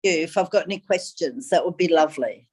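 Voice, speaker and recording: A woman's voice: low voice, fast talker, darkish tone, breathy edge. A woman on a call, asking polite, careful questions. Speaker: caller. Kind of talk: casual phone consultation.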